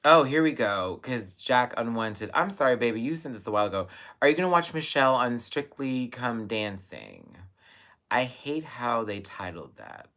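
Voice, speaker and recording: Man, young adult, live-stream host, casual chat, animated, high exclamations. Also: moderate pace. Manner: animated, bursts of loud laughter and high exclamations.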